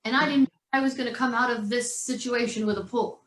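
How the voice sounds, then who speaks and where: A woman in her forties telling a story in an animated way and acting out the voices of others as an interview guest. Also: a little high, fast talker, roomy sound, low-quality recording. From California.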